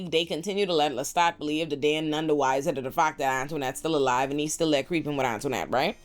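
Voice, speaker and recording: A woman in casual recap commentary, sassy and animated, telling the story and quoting the characters in mock voices. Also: low-pitched. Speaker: pop culture commentator.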